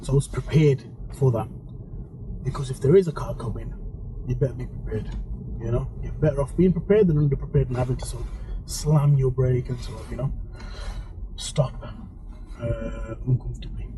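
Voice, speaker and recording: A male driving instructor with a mixed English accent tinged with Birmingham, giving relaxed, chatty commentary and explaining each step as he drives. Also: mid-range voice, moderate pace, long pauses. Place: inside a moving car. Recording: car engine and road noise.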